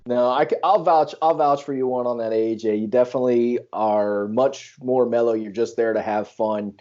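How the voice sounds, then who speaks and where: A man's voice: medium pitch, fairly even intonation, normal speed, darkish tone. A middle-aged man in a casual podcast chat, teasing his friends and laughing often. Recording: dull lo-fi sound.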